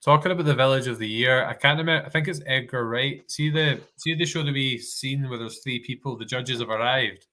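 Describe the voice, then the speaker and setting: Scottish man, podcast film chat, rambling, bright voice, mid pitch. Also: a little fast, hardly any pauses. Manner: rambling, self-correcting, laughs easily. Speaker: podcast co-host.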